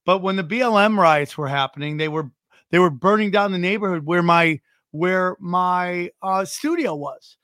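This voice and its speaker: A man's voice: high voice, moderate pace, fairly bright tone, no room sound, studio quality. A man ranting profanely in casual podcast chat, stumbling and restarting his sentences.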